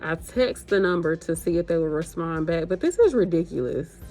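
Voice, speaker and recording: A woman's voice: lowish voice, lively intonation, moderate pace, dark tone, soft background music. A young woman nurse talking casually and exasperated to her viewers, addressing them as a group and swearing freely. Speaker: agency nurse vlogger. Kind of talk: casual vlog rant to viewers.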